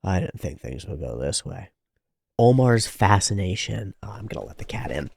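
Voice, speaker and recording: Animated low-voiced man commenting. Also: moderate pace, vocal fry, slight background noise. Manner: animated, swears freely, frequent restarts. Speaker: reaction video host. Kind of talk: casual commentary on an anime episode.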